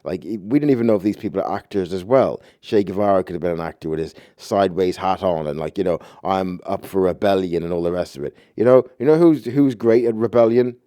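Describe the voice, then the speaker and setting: Low-voiced man in a profane rant. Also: fast, few pauses, mellow, dry recording, studio quality. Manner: profane, agitated, rambling. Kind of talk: ranting movie review.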